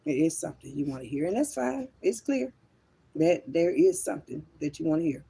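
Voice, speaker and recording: A woman's voice: deep voice, very animated, fairly quick, vocal fry, mellow, slightly rough. A woman, talking to online viewers in a blunt, rambling monologue and swearing freely. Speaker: online spiritual reader. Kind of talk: casual livestream monologue.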